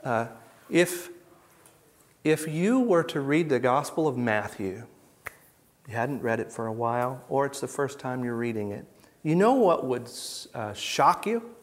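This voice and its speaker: A man giving a conference teaching talk to a live audience, emphatic, asking rhetorical questions and swinging between loud bursts and hushed asides. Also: mid-range voice, lively intonation, measured pace. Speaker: Bible teacher.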